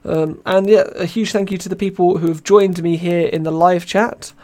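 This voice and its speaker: Young british guy, podcast host, rambling, tired and worn voice, a touch high-pitched. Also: steady tone, normal speed, darkish tone. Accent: British English. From Britain. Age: young adult. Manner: rambling, self-mocking, reads chat aloud. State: tired, voice wearing thin. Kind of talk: casual live podcast chat.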